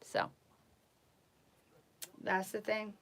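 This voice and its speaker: A woman's voice: mid-range voice, flat delivery, extremely slow, a bit bright. A woman talking casually on a live stream, giving blunt, emphatic advice and repeating herself for emphasis. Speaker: psychic livestreamer.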